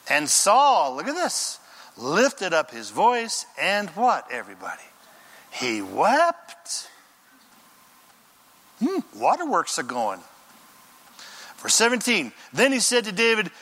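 A male pastor delivering a lively sermon in a casual, conversational way and putting questions to his listeners. His voice sits high and sounds bright and crisp. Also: measured pace.

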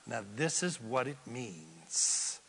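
In a reverberant church sanctuary, a male pastor delivers a dramatic, animated sermon, acting out scenes as he preaches. His medium-pitched voice is slow, with vocal fry and a breathy edge.

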